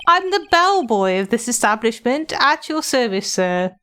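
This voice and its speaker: A woman's voice: a little high, big pitch swings, a little slow, sharp tone, full character voice. A woman voicing a fussy, overly polite male hotel bellboy who speaks in stiff, formal phrases. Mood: prim.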